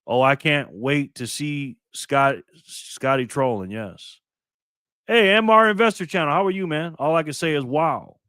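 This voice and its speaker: A man's voice: on the high side, measured pace, fairly bright tone, dry recording, clean studio sound. A man hosting a casual live stream, ranting bluntly with frequent swearing and thanking viewers by name. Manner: blunt, profane, ranting commentary.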